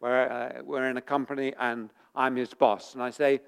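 A man's voice: mid-range voice, normal speed, creaky, clear, resonant tone. A man preaching a sermon, repeating his points and growing heated as he drives them home. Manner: animated, repeats points with rising force. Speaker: pastor.

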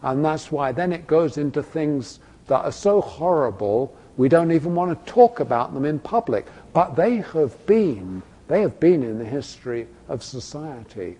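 A man's voice: fairly high pitch, expressive, normal speed, hardly any pauses, mellow, husky. A man preaching a sermon in a church. He talks emphatically, fires off rhetorical questions, and keeps saying "you see". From Britain. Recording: echoey hall, long reverb.

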